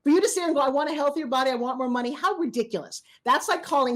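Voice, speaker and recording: A woman with a slightly high voice delivers a motivational talk with animated energy. She speaks straight to her listeners with urgency and slips into quick acted-out exchanges to drive her points home. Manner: animated, acts out little dialogues; direct, urgent address to listeners.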